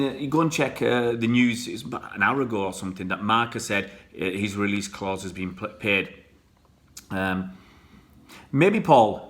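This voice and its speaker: Live stream host, male, lowish voice, loose rambling delivery full of ums. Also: a bit bright. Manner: rambling, many fillers and restarts. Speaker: football channel host. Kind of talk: live stream chat reading comments.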